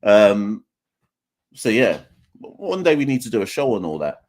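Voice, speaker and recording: A man's voice: fairly low pitch, very animated, measured pace, darkish tone. Rambling young man with an English accent. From Jamaica. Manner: rambling, self-correcting, conversational. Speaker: podcast host. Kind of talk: live call-in podcast chat.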